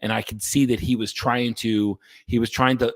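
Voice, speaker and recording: A man who is a podcast host and coach delivers a casual monologue to his listeners in a mid-range, level voice at normal speed. He's blunt and emphatic, swears freely, and often restarts his sentences. The recording is dry.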